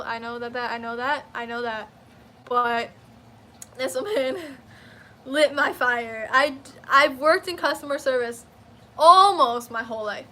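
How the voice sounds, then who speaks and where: A young woman telling a profane, animated story in a casual storytime rant. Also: high voice, slight background noise. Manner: profane, animated, quick to flare up. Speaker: vlogger.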